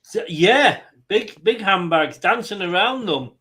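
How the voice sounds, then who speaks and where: Commentating a live football match for fellow fans, this watchalong host has a notably high voice. He's excitable and laughs easily, keeping things casual and chatty.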